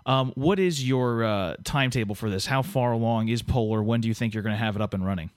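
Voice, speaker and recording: Speaking fast in a mid-range voice, a man hosts a podcast with no room sound audible. The interview chat is casual and jokey, and he rambles with many fillers and restarts.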